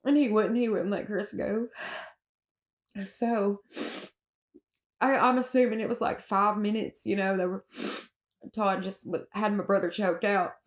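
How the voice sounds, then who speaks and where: Gravelly Southern woman recounting haltingly. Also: medium pitch, fairly even intonation. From Alabama. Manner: halting, with frequent fillers and restarts; emotional, with nervous laughs at hard moments. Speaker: interviewee telling her own story. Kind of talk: personal recounting in an interview.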